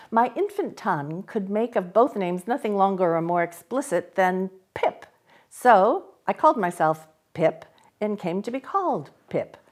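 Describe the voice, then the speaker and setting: A woman reading a classic novel aloud, telling the story with unhurried expression. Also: on the low side, a little mellow. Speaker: volunteer reader.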